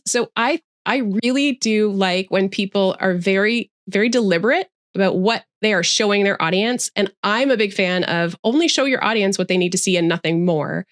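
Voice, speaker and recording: A woman's voice: medium pitch, no room sound. Articulate woman explaining, dry sound. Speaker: guest presentation trainer. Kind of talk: casual interview talk. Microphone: video call.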